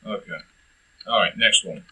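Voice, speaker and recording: A young man co-hosting a casual comedic film review, ranting and bursting into shouts. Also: on the low side, normal speed, loud music behind the voice, low-quality recording.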